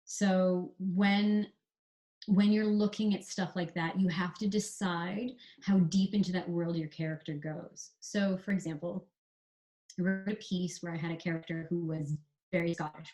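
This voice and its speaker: A Canadian woman who writes screenplays, chatting through writing advice in a relaxed interview and spelling out examples. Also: on the low side, moderate pace. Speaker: screenwriter guest. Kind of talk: casual explanatory interview talk.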